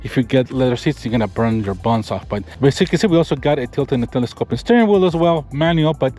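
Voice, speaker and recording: Man, car vlogger, fast talker, enthusiastic walkaround, rambling restarts, recorded inside a parked truck. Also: medium pitch, lively intonation, dark tone. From Florida. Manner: enthusiastic, rambling show-and-tell with frequent restarts. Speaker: car reviewer. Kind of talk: walkaround car review vlog. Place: in and around a parked pickup truck.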